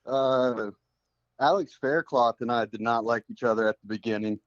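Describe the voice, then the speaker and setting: A man's voice: mid-range voice, moderate pace, dry recording. A man calling in to a comedy show, hesitant and stammering, on a muffled line. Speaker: caller, fellow comedian. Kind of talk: casual phone-in chat.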